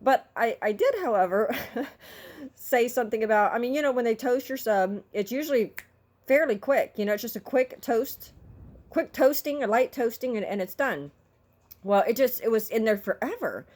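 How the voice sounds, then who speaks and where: A woman's voice: a little high, animated, moderate pace, darkish tone. A middle-aged woman telling a story in a casual vlog, talking in an exasperated, vocal, ranting way. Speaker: vlogger.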